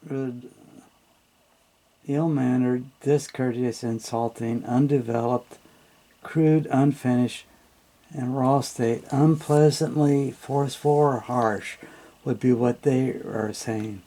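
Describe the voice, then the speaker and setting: A man's voice: mid-range voice, steady tone, slow pace, warm tone. A man tutoring English, reading a text aloud and explaining it in a patient, plainspoken way with frequent fillers.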